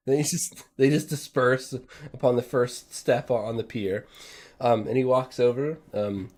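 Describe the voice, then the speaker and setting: A man's voice: mid-range voice, steady tone, measured pace, a little mellow. A man narrating a tabletop game as game master, hesitant and full of ums. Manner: hesitant, many ums and uhs.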